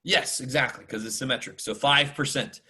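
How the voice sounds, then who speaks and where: His mid-range voice is bright and forceful, moving a little fast. He's a math instructor running a relaxed statistics class over video call, self-deprecating and informal, with muttered asides and the occasional mild curse, all captured on the call's mic.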